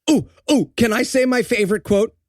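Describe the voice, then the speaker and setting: A man co-hosting a comedy podcast, riffing excitably and laughing at his own jokes. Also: very high voice, moderate pace, dry recording, clean studio sound. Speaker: podcast co-host. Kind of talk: comedic movie-review banter.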